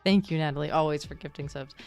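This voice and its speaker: A woman's voice: low voice, fast talker, darkish tone. A woman streamer chatting casually with her viewers, laughing often and answering chat. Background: faint background music.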